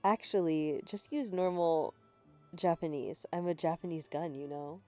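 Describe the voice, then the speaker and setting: A woman reading aloud the lines of a blunt, grumpy young man in a game, in a flat read-aloud way. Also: low voice, measured pace, soft background music. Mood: grumbling.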